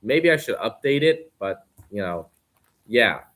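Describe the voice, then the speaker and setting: A man's voice: medium pitch, sing-song, measured pace, a bit bright. A young man talking casually as a podcast guest, earnest and rambling with plenty of fillers. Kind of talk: casual conversation.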